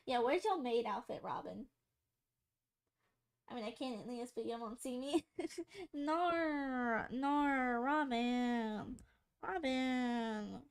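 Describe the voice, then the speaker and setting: A woman whose voice is on the high side, clear and resonant, speaks extremely slowly and pauses often during a live stream where she draws. She chats casually with viewers, giggling, rambling, and playing with silly voices.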